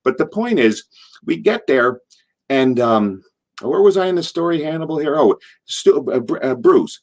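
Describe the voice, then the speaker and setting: An older former wrestler, interviewed, tells a rambling story with lots of animation, voicing the people in it as he quotes them. His voice is slightly high with a darkish tone, and he talks at a normal speed.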